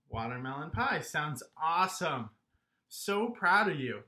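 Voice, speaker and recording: Male grade-school music teacher, bright tone, unhurried, encouraging delivery. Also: a little high, big pitch swings. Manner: encouraging, talks directly to young students. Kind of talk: recorded online music lesson.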